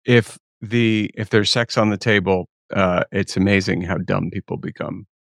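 A man's voice: deep voice, steady tone, moderate pace, gravelly, no room sound, studio quality. A man co-hosting a podcast in casual chat, telling stories animatedly and slipping into mocking voices. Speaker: podcast co-host.

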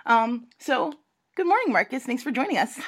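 A woman's voice: high voice, sing-song, moderate pace, fairly bright tone. A woman hosting an interview, opening with a bubbly, enthusiastic introduction. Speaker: interview host.

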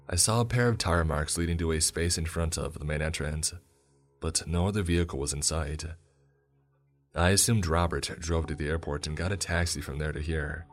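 A man with an extremely deep voice reads a first-person story. His delivery is steady and measured, with faint music playing underneath. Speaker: narrator.

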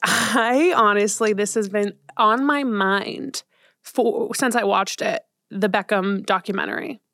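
A woman's voice: medium pitch, a bit bright, dry recording. Young woman, podcast co-host, gushing casual chat, dry close sound. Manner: gushing, fast, lots of "like".

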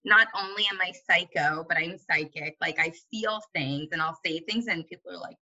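Young woman, podcast guest, bright forceful voice, candid, self-mocking, dull lo-fi audio. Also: fairly low pitch, moderate pace. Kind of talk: casual chat.

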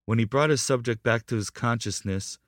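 A man reading a scripted documentary narration in a measured, even way. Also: medium pitch, no room sound, clean studio sound.

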